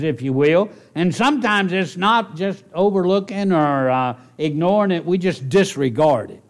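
A man's voice: high-pitched, expressive, normal speed, few pauses. Male preacher for a sermon, conversational asides, builds to emphatic peaks. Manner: earnest, builds from quiet musing to raised emphatic preaching; conversational asides, direct questions to the congregation.

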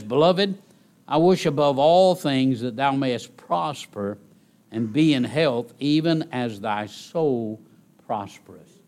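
A middle-aged male pastor preaching a sermon, repeating phrases for emphasis and swinging from loud rises to soft drops. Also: mid-range voice.

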